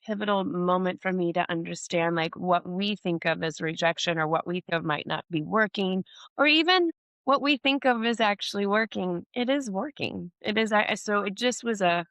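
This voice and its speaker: A woman actress telling career anecdotes in an interview, animated and full of "like" fillers. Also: mid-range voice, moderate pace, no room sound. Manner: animated anecdotes with many "like" fillers and acted-out quotes. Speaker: actress and podcast host, interview guest. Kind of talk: candid career interview, storytelling.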